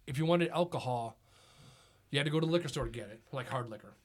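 A man's voice: mid-range voice, fast talker, slightly rough. A middle-aged man, a podcast guest, telling casual anecdotes, swearing freely and laughing often. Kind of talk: casual chat, storytelling.

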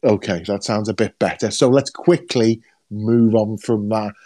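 A man's voice: on the low side, steady tone, measured pace, warm tone, no room sound. A man hosting a casual podcast, teasing his co-hosts with jokey banter. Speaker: podcast host.

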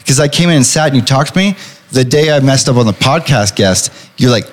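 A man's voice: mid-range voice, fairly quick. A man talking casually on a podcast as an employee, reflective and telling his story with lots of "like" fillers.

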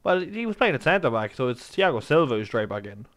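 Man, lively pitch, mid voice, ranting football podcast banter, swearing. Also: fairly quick. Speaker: podcast co-host. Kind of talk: casual football podcast chat.

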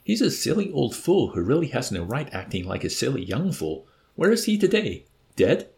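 A man's voice: mid-range voice, big pitch swings, normal speed, vocal fry, a little mellow, pitched above the performer's own voice. A man doing a suave, mocking old villain. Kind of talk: audiobook character voice.

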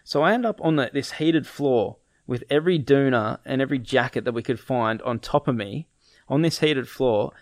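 A man's voice: medium pitch, brisk, no room sound, studio quality. A young man casually telling a story, acting out his friends' lines and laughing often.

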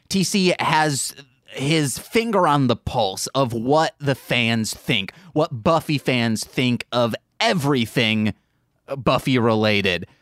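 Unhurried man with an expressive voice. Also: mid-range voice, no room sound, studio quality. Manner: relaxed, teasing, enthusiastic. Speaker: podcast co-host. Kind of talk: casual chat.

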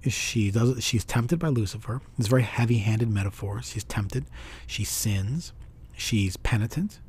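Male film reviewer, low mellow husky voice, rambling and animated. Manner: rambling, frequent restarts, animated retelling. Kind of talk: casual film review monologue.

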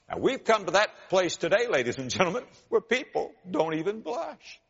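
A man preaching in a fairly high, animated voice that leaps up and drops away. He repeats key phrases slowly for emphasis and rises to loud cries when quoting prayers. The sound is muffled and rings out with a long echo, as in a large hall. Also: breathy edge. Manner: preaching with dramatic rises in pitch and volume on quoted cries. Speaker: pastor. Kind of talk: sermon.

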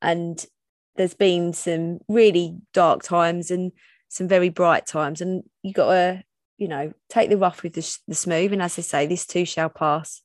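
A woman's voice: fairly low pitch, steady tone, measured pace, no echo, studio quality. A woman in her thirties hosting her own podcast, talking openly and personally with frequent restarts. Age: 30s. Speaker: podcast host. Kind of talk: solo podcast monologue.

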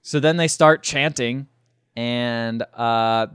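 A man's voice: medium pitch, takes it slowly, fairly bright tone, smooth, no room sound, studio quality. A young man hosting a podcast, animatedly retelling a movie plot and acting out the characters' lines. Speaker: podcast host. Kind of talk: casual movie recap.

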